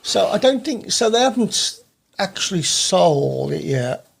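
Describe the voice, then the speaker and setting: A man's voice: high-pitched, very animated, measured pace, creaky, husky. An English man co-hosting a podcast, easygoing and agreeable, laughing along in casual banter. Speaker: podcast co-host.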